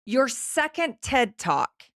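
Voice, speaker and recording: A woman's voice: a little high, big pitch swings, a little slow, fairly bright tone, dry recording, clean studio sound. Chatty woman podcast host. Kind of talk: casual podcast conversation.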